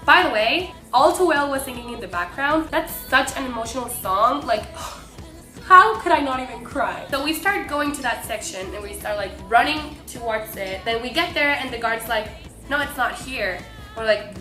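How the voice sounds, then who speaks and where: Young female vlogger, gushing storyteller, higher bright tone in a roomy space. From Mexico. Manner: bubbly, breathless, lots of "like". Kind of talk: excited storytelling to camera. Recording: echoey room with faint music.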